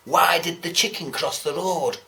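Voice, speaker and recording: A man's voice: fairly high pitch, a little slow, creaky, bright, forceful tone, voice pushed up, heavily acted. A man voicing an annoying man on a bus who keeps telling corny jokes, cheeky and pleased with himself. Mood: smug.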